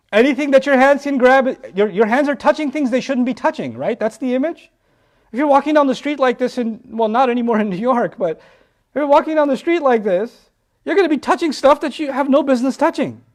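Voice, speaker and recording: A man giving a lecture on Quran verses, animated, asking rhetorical questions and acting out what people say. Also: very high voice. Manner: animated, rhetorical questions, acts out quoted voices. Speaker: Quran teacher.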